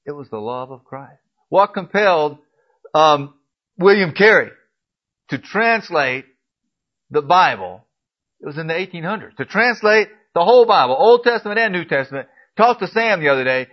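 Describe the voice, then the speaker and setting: A man preaching a sermon, pressing his listeners with repeated emphatic questions and swinging from quiet, low asides to loud, rising appeals. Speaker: pastor. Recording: dull lo-fi recording.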